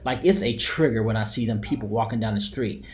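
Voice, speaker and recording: A man with a fairly low voice tells a personal story in a heated, profane rant. He keeps circling back and repeating his points. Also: brisk, darkish tone, slight background noise. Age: adult with a daughter. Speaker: vlogger telling a personal story.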